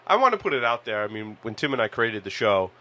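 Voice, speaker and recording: A man co-hosting a podcast, chatting casually in a relaxed, rambling way with fillers. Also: medium pitch, quick pace. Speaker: podcast co-host. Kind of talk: casual chat.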